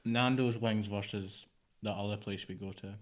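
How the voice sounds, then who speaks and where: A man's voice: fairly low pitch, fairly even intonation, moderate pace. A man, co-hosting a casual podcast chat, rambling and dropping into mutters. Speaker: podcast co-host.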